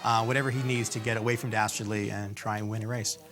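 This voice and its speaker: A man's voice: on the low side, level tone, fast talker, music in the background. A man in an interview, enthusiastically recalling and explaining an old cartoon. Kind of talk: reminiscing in interview.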